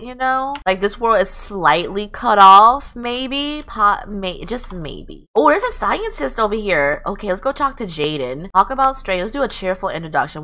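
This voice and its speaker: A woman's voice: medium pitch, bright, forceful tone. A woman hosting casual gameplay commentary, joking and swearing, squealing when surprised. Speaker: gaming channel host.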